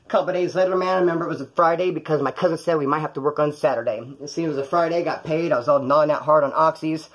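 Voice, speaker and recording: A man with a high, husky voice rattles off a casual story from his own life, swearing freely and rambling. He acts out the other people's lines as he goes. The recording sounds dull and lo-fi. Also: very fast, hardly any pauses.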